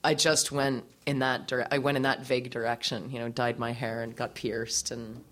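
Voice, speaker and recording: Her voice rumbles low at a normal pace as she appears as a guest on an interview, a musician recounting a candid story from her teenage years. She's animated, laughing often, swearing casually and using lots of fillers.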